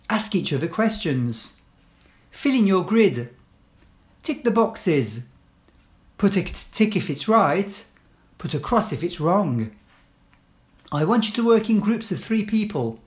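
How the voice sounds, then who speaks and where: A woman reads classroom phrases aloud as a language teacher, one short phrase at a time. She speaks slowly and deliberately, with a lively voice that rises and falls. Each phrase comes out clear and carefully spaced. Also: medium pitch. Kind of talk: slow read-aloud list of classroom phrases.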